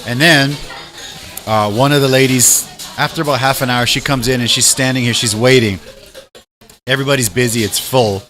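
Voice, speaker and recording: A man hosting a casual chat, telling an animated story and acting out what people said. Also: medium pitch, moderate pace, faint music behind. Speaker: host.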